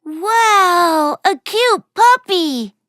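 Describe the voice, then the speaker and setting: A woman's voice: high-pitched, big pitch swings, slow, dry recording, clean studio sound, pitched above the performer's own voice, full character voice. Cheerful little boy, put on by a woman. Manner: bright and coaxing. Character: friendly cheerful young boy. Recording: faint music behind.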